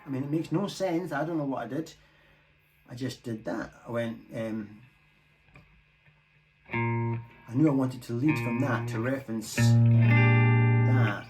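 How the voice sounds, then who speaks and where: A man's voice: mid-range voice, takes it slowly, pauses often, poor audio. A man giving a casual guitar lesson, thinking aloud and joking about his own playing, recorded on a phone. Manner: chatty, thinking aloud, self-deprecating. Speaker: guitar teacher. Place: home room, guitar played between phrases. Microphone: phone mic. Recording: loud electric guitar and drum loop behind.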